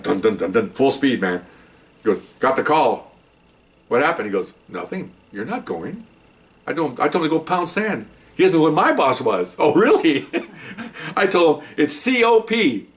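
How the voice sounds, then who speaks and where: A man's voice: lowish voice, far from the mic. A man, a former police officer, telling a story in a casual monologue, acting out the other people's lines with a raised voice.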